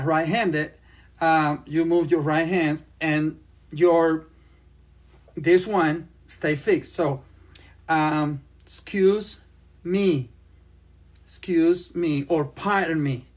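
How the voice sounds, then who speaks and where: Slow-paced sign language teacher. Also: medium pitch. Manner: speaks slowly, repeats phrases while demonstrating signs. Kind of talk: slow classroom lesson.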